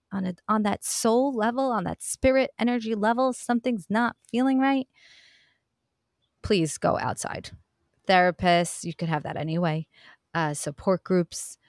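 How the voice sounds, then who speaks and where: A woman's voice: mid-range voice, vocal fry, no echo, clean studio sound. A woman hosting a self-help podcast, talking earnestly and encouragingly to her listeners in a casual, direct way. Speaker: podcast host. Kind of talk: motivational self-help talk.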